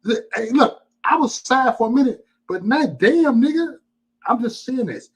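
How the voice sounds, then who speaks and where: Excitable husky man hosting his channel, fairly high, lively. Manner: excited, cursing, quick reactions. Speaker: channel host. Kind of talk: casual live-stream commentary.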